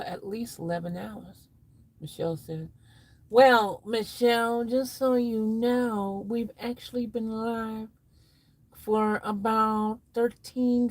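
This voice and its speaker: A woman's voice: mid-range voice, darkish tone, rough recording. A woman chatting casually on a live stream, reading out viewers' comments in a playful, drawling way. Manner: playful, drawls, puts on silly voices and sound effects. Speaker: livestreamer.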